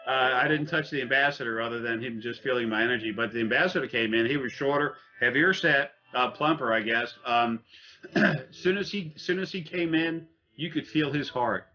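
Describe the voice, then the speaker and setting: A man telling a long personal story in casual speech, halting often with fillers and restarts and swearing bluntly. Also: mid-range voice, bright, forceful tone, highs cut off. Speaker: interviewee.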